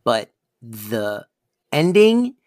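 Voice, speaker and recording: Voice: medium pitch, very animated, extremely slow, a little mellow, no room sound, studio quality. A podcast co-host chatting casually and enthusiastically about a sitcom episode, with joking asides.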